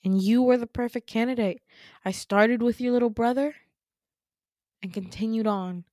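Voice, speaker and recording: A man's voice: extremely high pitch, moderate pace, dry recording, studio quality. A woman reciting a cold scientist father. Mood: detached. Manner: calm, clinical and unmoved.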